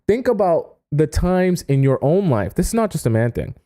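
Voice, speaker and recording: A man giving dating advice on a live stream, animated and often acting out quoted voices. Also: on the high side, moderate pace. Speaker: dating coach.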